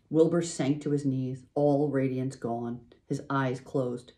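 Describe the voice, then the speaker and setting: A woman reading a children's book aloud, in an expressive, lively way. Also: very deep voice, slow pace, few pauses. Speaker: reader.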